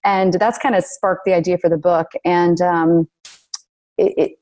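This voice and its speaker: A woman author speaking earnestly as a podcast guest, animated when retelling stories. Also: on the low side, a little slow. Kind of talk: podcast interview.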